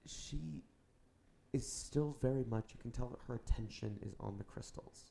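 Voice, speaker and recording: A man's voice: mid-range voice, moderate pace, creaky, warm tone, slight background noise. A man narrating as game master in a loose, casual way, with lots of fillers.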